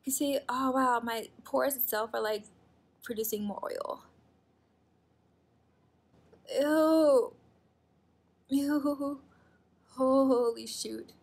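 Young woman vlogger, high airy voice, slow talker, gasps and whispers a lot. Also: steady tone, vocal fry. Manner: gasping, exclaiming, often dropping to a whisper. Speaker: YouTuber. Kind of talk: casual vlog narration while doing a skincare test.

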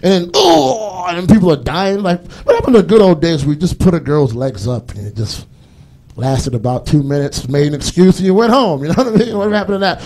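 A man's voice: high voice, very animated, fairly quick, darkish tone. A man doing a loose, rambling stand-up comedy set on stage, acting out voices as he goes. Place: comedy stage before a live audience.

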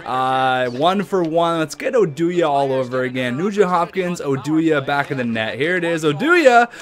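A young man runs loud, profane commentary over a hockey video game. His voice sits a bit high, and he hypes his own plays while trash-talking the other side. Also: lively intonation, normal speed. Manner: hyped, swearing, trash-talking, laughing bursts. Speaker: gaming YouTuber.

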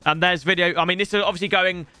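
A young man giving live video game commentary, chatty and slangy, breaking into loud excited outbursts as he talks to his viewers. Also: high voice, fast, dry recording, soft background music. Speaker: gaming YouTuber.

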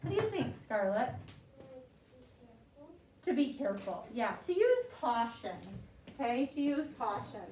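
A woman's voice: on the high side, sing-song, a little slow, pauses often, warm tone. A woman teacher leading a vocabulary lesson, patiently repeating each word for the class to echo. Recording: echoey classroom from far off.

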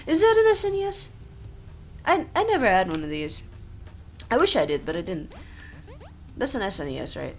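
A woman's voice: mid-range voice, big pitch swings, normal speed, pauses often, faint music behind. A woman giving rambling, jokey commentary on a game as she plays, with sarcastic asides, over a desk microphone. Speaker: gameplay commentator. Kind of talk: playthrough commentary. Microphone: own desk microphone.

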